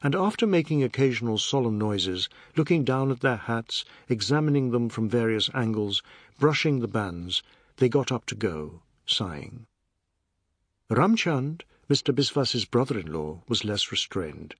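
A man narrating a novel as an audiobook in a measured, expressive reading. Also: medium pitch, no room sound, studio quality.

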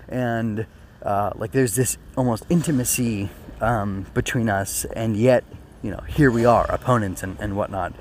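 A man's voice: fairly low pitch, moderate pace, a little hiss or hum. A young man with a sore throat giving a casual spoken review of an anime episode, rambling earnestly with many fillers and restarts. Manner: earnest and emotional.

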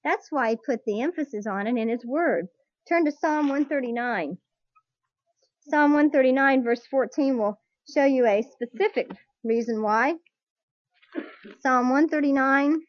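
A woman teaching a Bible class to a live group, earnest and slow on key points, putting questions to her listeners, on a dull lo-fi tape recording. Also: sits high, no echo. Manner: earnest, drawn-out emphasis, asks the audience questions.

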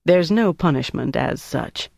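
A man reading an audiobook, voicing a composed officer who speaks in a cool, firm, measured way. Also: fairly high pitch, animated, gravelly, a little mellow, no echo, studio quality, exaggerated voice. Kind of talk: audiobook character voice.

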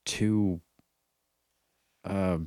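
A man with a very low voice rambles slowly, losing his thread and correcting himself. The sound is dry and close. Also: flat delivery, warm tone, smooth, no echo. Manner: meandering, trailing off, self-correcting. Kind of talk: rambling casual chat.

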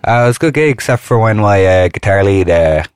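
A man's voice: fairly low pitch, lively intonation, fast talker, smooth, no room sound, studio quality. A man co-hosting a podcast, rambling with fillers and laughing often. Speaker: podcast co-host. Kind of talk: casual chat.

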